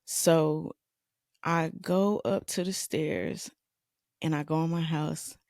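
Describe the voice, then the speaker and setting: A woman hosting a podcast, telling a personal story in a halting, tearful way and repeating her phrases. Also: sits low, fairly even intonation, a little mellow, no room sound, studio quality. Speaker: podcast host.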